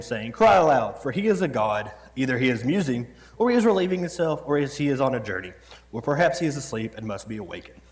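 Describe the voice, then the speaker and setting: A man preaching a sermon in a church, reading scripture and adding conversational, joking asides. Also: medium pitch. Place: church sanctuary. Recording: long church hall reverb.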